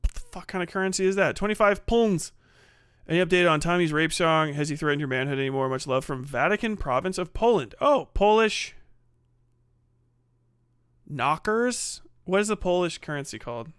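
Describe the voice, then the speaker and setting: A man's voice: on the high side, normal speed, a bit bright, clear, resonant tone, no room sound, clean studio sound. A middle-aged man live streaming, reading donations in casual chat, profane and rambling. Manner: profane, rambling, laughs often.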